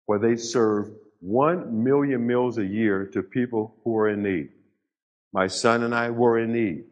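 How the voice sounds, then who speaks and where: A man's voice: on the low side, highs cut off. Man telling his story on stage. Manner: storytelling with dramatic pauses and rising emphasis. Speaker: motivational speaker. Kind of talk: storytelling speech to a live audience.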